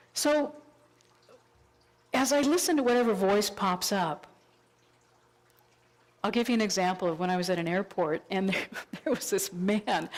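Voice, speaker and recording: A woman minister giving a sermon in a church, telling stories and acting out her own thoughts in lively voices. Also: medium pitch, rough recording. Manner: animated storytelling, acts out her own inner voice. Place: church sanctuary.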